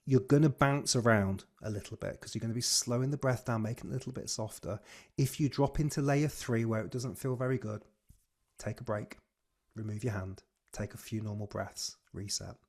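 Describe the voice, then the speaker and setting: A man leading a guided breathing class on a video call, giving slow, soothing cues. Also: medium pitch. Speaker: breathwork coach.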